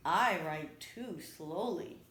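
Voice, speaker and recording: A woman voicing a slow, sluggish male tortoise in a storybook, with a drawn-out, unhurried delivery. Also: fairly low pitch, animated, fairly bright tone, full character voice. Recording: echoey room.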